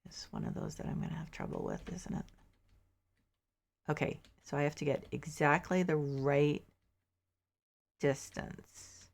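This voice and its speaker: A woman streamer with a low, gravelly voice chats casually with her viewers as she plays. She thinks aloud and drops mildly exasperated asides. She sounds a little sleepy. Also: huge pitch swings, a little slow, long pauses. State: sleepy, yawning. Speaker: game streamer. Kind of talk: casual gameplay commentary.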